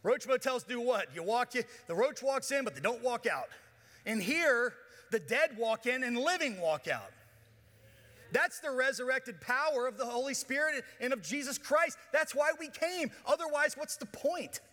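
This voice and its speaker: Playful male pastor, high bright voice, reverberant church hall. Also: lively intonation, moderate pace. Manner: playful, joking with the congregation. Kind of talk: sermon. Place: church auditorium.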